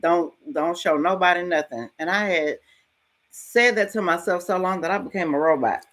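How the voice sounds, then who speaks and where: A middle-aged woman hosting a podcast, giving a frank, casual motivational talk and telling stories with lively ups and downs and some mild swearing. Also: lowish voice, moderate pace. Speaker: podcast host.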